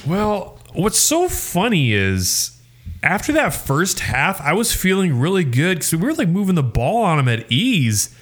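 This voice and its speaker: A man co-hosting a casual sports podcast, ranting in an animated way while he has the hiccups. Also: sits high, unhurried. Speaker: podcast co-host.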